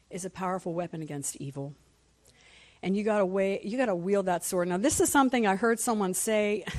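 A woman's voice: medium pitch, no room sound. A woman teaching a Sunday school class in church, passionate and reading scripture aloud.

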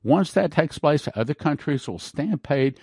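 A man preaching with fervent emphasis, his pitch leaping and dropping as he drives each point home. He repeats key words for force, and the sound is close and dry with no room around him. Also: animated, a little slow, warm tone, slightly rough, no room sound. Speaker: host of a prophecy broadcast. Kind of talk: preaching talk with ad reads.

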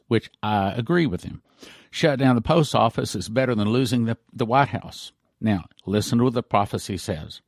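A man's voice: mid-range voice, normal speed, no echo. Male pastor, broadcast sermon; emphatic and repetitive, dry close sound, mid-range voice.

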